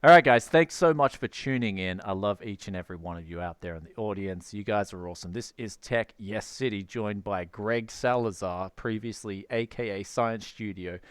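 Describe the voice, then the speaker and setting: An Australian man whose accent has softened from living overseas, hosting a casual live-stream chat in a playful, teasing way. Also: fairly low pitch, normal speed, few pauses, smooth, no echo. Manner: laid-back, playful, teasing. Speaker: host.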